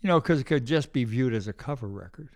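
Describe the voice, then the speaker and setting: A man's voice: medium pitch, lively intonation, fast talker, darkish tone. Older guy telling long stories in a casual interview, does little voices for people. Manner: rambling anecdotes acting out quoted voices. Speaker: guest musician.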